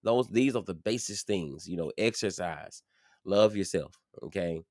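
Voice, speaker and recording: A man's voice: sits low, a little slow, darkish tone, no echo, studio quality. A man talking casually and earnestly to his viewers from home, addressing them directly as he shares his story. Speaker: vlogger sharing his story.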